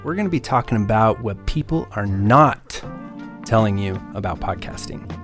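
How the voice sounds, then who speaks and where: A man's voice: on the low side, animated, moderate pace, a bit bright. Guy co-hosting a podcast, jokes around a lot, faint music bed. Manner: jokey, laughs easily, teasing. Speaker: podcast producer and creative director. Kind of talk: casual co-hosted podcast chat.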